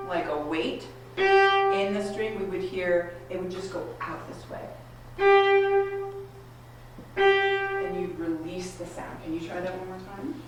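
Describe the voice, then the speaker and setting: A woman coaching a student string ensemble in a masterclass, giving encouraging, direct instructions and asking many questions. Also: on the low side. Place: rehearsal room at a community center. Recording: echoey room, far from the mic. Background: string instruments playing.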